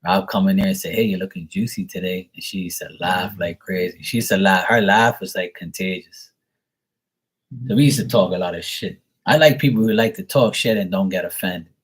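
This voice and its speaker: Husky-voiced man ranting casually. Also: low voice, a little fast. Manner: blunt, profane storytelling, slips into mocking voices. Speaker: live tarot reader. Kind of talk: casual monologue to a live stream.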